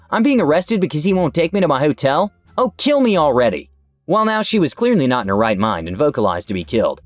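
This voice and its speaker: Animated man reading internet stories. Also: mid-range voice. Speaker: story narrator. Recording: dry with faint music behind.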